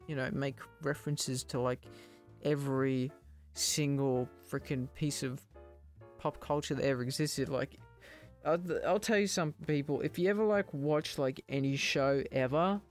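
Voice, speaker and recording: A young man hosting a casual solo podcast, rambling, joking at his own expense and stumbling over words. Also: on the high side. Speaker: podcast host.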